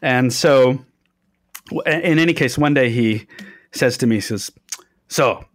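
A man, a guest on an interview podcast, telling lively anecdotes with many fillers and restarts. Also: mid-range voice, measured pace, long pauses, dry recording, studio quality. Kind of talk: storytelling in interview.

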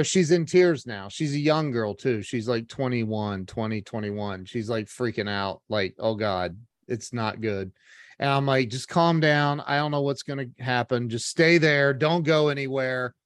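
A man telling a personal story in a casual, animated way, acting out the voices of the people in it. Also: mid-range voice, dry recording, clean studio sound. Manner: animated, acts out quoted voices, many restarts.

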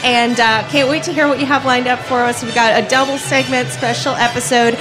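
A woman's voice: on the high side, fairly even intonation, brisk, over music, poor audio. A woman hosting a live radio broadcast at a festival, enthusiastic with lots of ums. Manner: enthusiastic, many fillers. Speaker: radio host. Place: festival tent.

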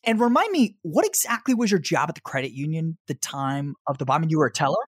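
A man's voice: on the high side, sing-song, fast talker, breathy edge, no echo. A man hosts a podcast and asks his guest friendly, engaged questions. His intonation moves a lot, his voice carries some huskiness, and the sound is dry and close. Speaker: podcast host. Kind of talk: conversational interview.

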